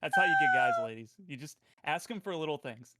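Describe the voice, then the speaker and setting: A man's voice: fairly high pitch, huge pitch swings, a little fast, heavy background noise. A young man co-hosting a casual live stream, laid-back and joking, often laughing as he talks. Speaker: stream co-host.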